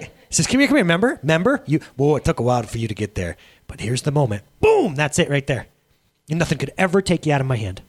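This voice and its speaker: Lively, husky male preacher. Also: lowish voice. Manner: energetic, emphatic, conversational preaching. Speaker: pastor. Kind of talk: sermon.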